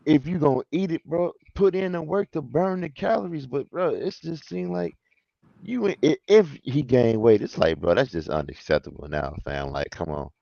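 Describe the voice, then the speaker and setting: A man's voice: medium pitch, animated, normal speed, creaky, mellow, no room sound, muffled recording. A man in a casual basketball chat, slangy, calling people fam and bro.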